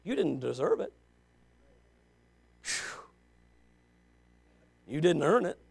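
A Baptist pastor preaching a fervent sermon, swinging between quiet asides and shouts. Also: male voice, on the high side, very animated, takes it slowly, gravelly, slightly rough.

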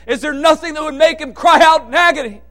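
Male preacher, very high voice, impassioned sermon, hushed lows and shouted peaks. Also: fast talker.

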